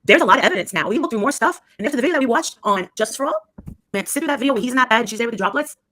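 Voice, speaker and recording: A woman with a slightly high voice talks on a live stream into a phone or webcam. She rambles, circles back and repeats herself, with a scornful, gossiping edge. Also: animated, racing, a bit bright, slight background noise. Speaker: livestreamer.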